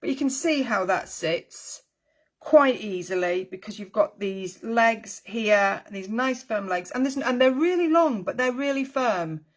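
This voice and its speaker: A woman's voice: fairly high pitch, expressive, a little slow. A woman teaching a craft tutorial in a chatty, friendly way, with rambling asides and frequent ums. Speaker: needle felting teacher.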